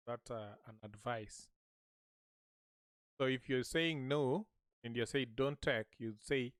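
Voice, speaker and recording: A man teaching a language lesson, saying short phrases slowly and repeating them so listeners can echo him. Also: mid-range voice, clean studio sound.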